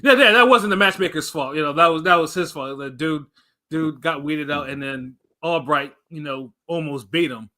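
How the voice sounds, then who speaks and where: A man's voice: on the high side, moderate pace, bright, forceful tone. A man co-hosting a boxing talk show in easygoing casual chat, with many fillers. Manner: easygoing, filler-heavy, laughs along.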